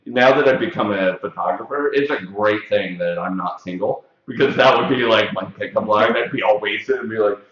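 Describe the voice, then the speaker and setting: A man's voice: lowish voice, moderate pace, few pauses, fairly bright tone. A man hosting a live hair-cutting show, chatting casually and jokingly in a salon classroom, recorded on a camera mic. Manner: joking, filler-heavy, talks to the chat. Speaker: hairstylist and show host. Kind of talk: casual chat during a live tutorial. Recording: echoey room, dull sound.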